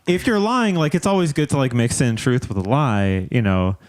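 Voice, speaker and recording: A man's voice: medium pitch, animated, normal speed, no room sound. A man co-hosting a podcast, playful and teasing, rambling in casual chat. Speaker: podcast co-host.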